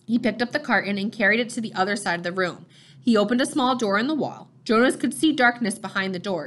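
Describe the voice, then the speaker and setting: A woman narrating a novel chapter in a steady, measured storytelling voice. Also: medium pitch. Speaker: audiobook reader.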